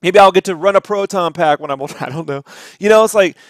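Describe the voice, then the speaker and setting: High-voiced, profane, rambling man. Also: no echo, studio quality. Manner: profane, rambling, rapid asides. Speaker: artist streaming a drawing session. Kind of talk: casual rant while drawing.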